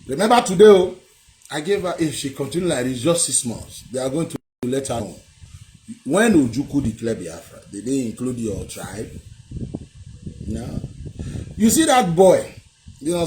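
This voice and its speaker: A man's voice: medium pitch, a little mellow, slight background noise. A man, delivering heated, scornful commentary with rhetorical questions. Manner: scornful, lectures the viewer with many rhetorical questions. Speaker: vlogger.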